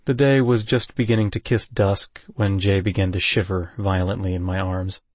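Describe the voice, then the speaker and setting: A man giving a measured, unhurried first-person audiobook narration. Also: low-pitched, flat delivery, darkish tone, no room sound.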